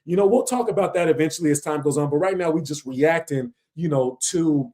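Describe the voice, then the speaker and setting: A fairly high-voiced man hosts a casual livestream and reacts to clips. He talks in loose slang and gets animated, often drifting into ranting asides. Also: a little fast. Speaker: livestream host reacting to videos.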